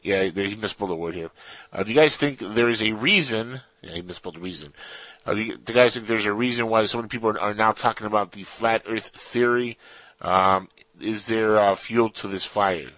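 A man with a fairly low voice co-hosts a casual radio talk show. He rambles and jokes as he reads out listener questions. The sound is dry and close, with no room echo. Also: fairly even intonation, a little fast, fairly bright tone.

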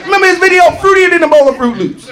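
Brash high-voiced man doing stand-up. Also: lively intonation, very fast. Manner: brash, profane, shouting, mimicking singers. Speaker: stand-up comedian. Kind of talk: stand-up comedy set. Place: comedy club stage. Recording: live club recording with crowd. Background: audience laughing and clapping.

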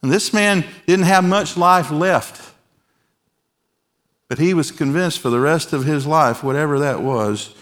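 A pastor in his forties preaching a sermon in a large church, earnest and emphatic, letting key phrases drop soft and quiet. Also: a little high, unhurried. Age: 40s. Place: large church with overflow rooms.

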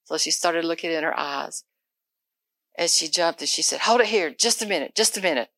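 A woman pastor telling a testimony in a sermon, going hushed and intense in the story, then lifting into preaching. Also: low-pitched, fairly quick, no room sound.

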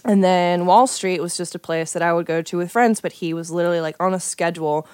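A woman's voice: lowish voice, fairly even intonation, fast, darkish tone, clear, resonant tone, no room sound, studio quality. A young woman telling a story in casual chat, chatty and profane, with many "like" fillers.

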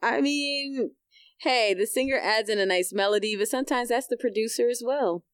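A woman's voice: a little high, normal speed, clean tone, dry recording. A woman co-hosting a podcast, talking bluntly and casually and swearing freely. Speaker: podcast co-host. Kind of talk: casual chat.

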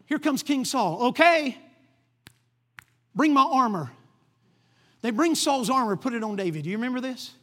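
A preacher telling a Bible story in an animated sermon, acting out the characters and calling for amens. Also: male voice, very high voice, fast talker, hardly any pauses. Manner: calls for amens from the congregation.

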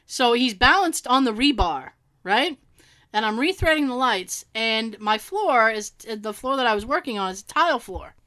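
A woman co-hosting a podcast, telling a funny story in animated casual chat and laughing often. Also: fairly high pitch, normal speed. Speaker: podcast co-host.

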